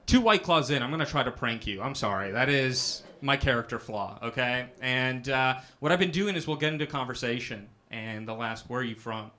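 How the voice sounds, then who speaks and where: A man's voice: medium pitch, lively intonation, normal speed, few pauses, pushed and bright. A young man doing a self-deprecating stand-up set, often asking "right?" after his punchlines. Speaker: stand-up comedian. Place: comedy club stage with a live audience.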